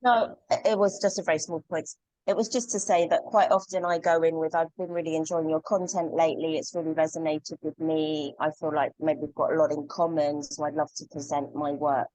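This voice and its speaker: Low-voiced woman, earnest, dry close sound, thinking out loud. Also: level tone, fairly quick, no echo, low-quality recording. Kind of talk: casual group discussion.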